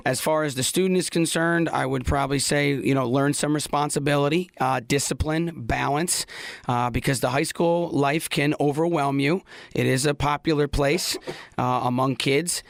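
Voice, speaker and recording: Gravelly man with a New York accent. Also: mid-range voice, dry recording, clean studio sound. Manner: earnest, plain-spoken with repeated restarts. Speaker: guest, high school basketball coach and teacher. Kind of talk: interview answers.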